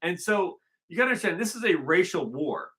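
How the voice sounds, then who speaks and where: Bright-voiced man rambling emphatically. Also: high voice, very animated, fairly quick. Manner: rambling, emphatic, circling back to restate points. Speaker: vlogger. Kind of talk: casual unscripted monologue.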